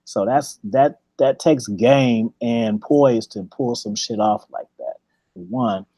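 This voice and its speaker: A man's voice: medium pitch, takes it slowly, mellow, no echo. A man in casual chat, telling a long rambling story with lots of profanity and repeated words.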